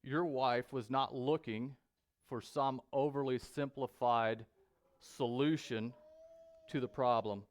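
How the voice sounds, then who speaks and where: A man preaching a sermon in a church, speaking deliberately with frequent pauses and fillers. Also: medium pitch, steady tone. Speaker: pastor. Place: church sanctuary.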